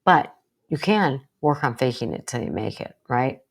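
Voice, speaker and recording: A woman's voice: extremely low pitch, expressive, moderate pace, creaky. A middle-aged woman psychologist teaching an online course, coaching her viewers and acting out example sentences. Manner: warm coaching, acts out example lines. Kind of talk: instructional talk to camera.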